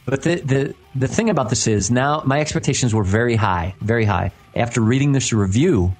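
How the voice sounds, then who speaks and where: A man's voice: mid-range voice, brisk, darkish tone. A man hosting a casual podcast, reading a review aloud and ranting about it with plenty of swearing. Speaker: podcast host. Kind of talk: casual chat.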